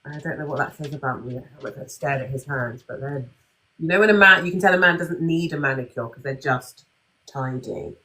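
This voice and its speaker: Low-voiced British woman, wry and casual. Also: brisk, sharp tone. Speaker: podcast co-host. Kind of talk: casual chat on a livestream.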